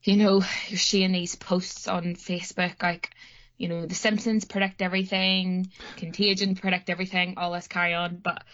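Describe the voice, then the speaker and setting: A woman's voice: lowish voice, level tone, moderate pace, a bit bright. A young woman with a Northern Irish accent chatting casually on a podcast, rambling anxiously with lots of fillers. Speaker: podcast co-host. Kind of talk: casual chat. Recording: muffled lo-fi audio.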